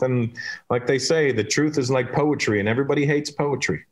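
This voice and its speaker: Animated comedian man from Canada. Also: mid-range voice, fairly quick. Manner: animated, acting out dialogue in his stories. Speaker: guest comedian. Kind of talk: casual chat and storytelling.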